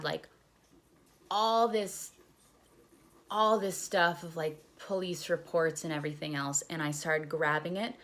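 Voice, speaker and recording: A woman's voice: lowish voice, fairly bright tone. A young woman casually telling a story on her vlog, candid and profane, retelling events with animation. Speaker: vlogger.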